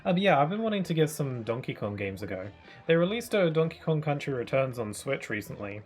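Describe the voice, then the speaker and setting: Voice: mid-range voice, big pitch swings, a little fast. Chatty, joking game streamer. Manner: chatty, joking, laughs easily. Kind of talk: casual gameplay chat. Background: faint game music.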